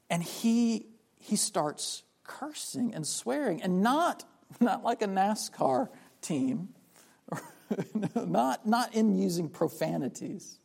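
Animated preacher man from South Carolina. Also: sits high, takes it slowly, gravelly, breathy edge. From South Carolina, USA. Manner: animated, acts out the quoted speakers, repeats words when restarting. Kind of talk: sermon on a Bible passage.

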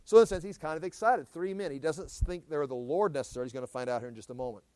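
A man's voice: fairly high pitch, racing, a little mellow, no room sound. Talkative man teaching scripture, dry sound. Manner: conversational, rambling, with restarts and asides. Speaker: pastor teaching a Bible study. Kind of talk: casual verse-by-verse Bible teaching.

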